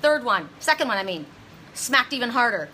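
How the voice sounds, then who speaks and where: A woman's voice: a little high, sing-song, moderate pace, pushed and bright, slight background noise. A woman psychic medium talking to her viewers in an intense, rambling monologue, with many restarts and dramatic retelling. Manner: dramatic retelling with voiced quotes.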